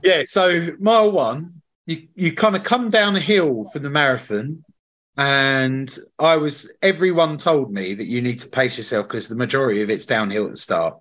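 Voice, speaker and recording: Man, podcast host, mid pitch, casual slangy storyteller. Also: normal speed, a bit bright. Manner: chatty storyteller, swears, slangy. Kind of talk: casual chat.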